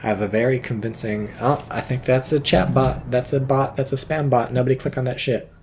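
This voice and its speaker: A man's voice: mid-range voice, fairly even intonation, fairly quick, a little hiss or hum. Wry, swearing male game commentator. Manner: wry, offhand, swears casually. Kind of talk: casual live-stream game commentary.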